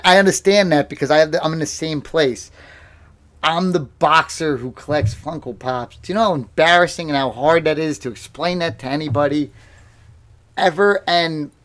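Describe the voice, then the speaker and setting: Slightly high-voiced man in his thirties. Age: 30s. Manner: rambling, self-mocking, bursts into loud laughter. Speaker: livestream host and boxer. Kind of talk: casual live-stream storytelling. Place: at home.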